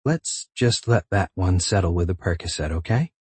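A man voicing a patient young man who speaks deadpan. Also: low voice, moderate pace, breathy edge, no echo. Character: patient, steady young man, nervous underneath.

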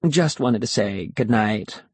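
A man's voice: fairly low pitch, takes it slowly, darkish tone, husky, dry recording, full character voice. A man voicing a bored, dismissive teenage girl in an audiobook. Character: bored teenage girl glued to her phone. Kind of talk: audiobook character voice.

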